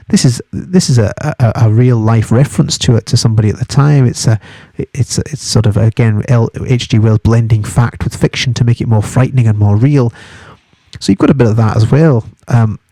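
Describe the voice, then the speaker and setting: A man's voice: medium pitch, warm tone, dry recording, clean studio sound. A Scottish man who reads a novel aloud and explains it for exam study, talking conversationally with frequent restarts. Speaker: English literature teacher.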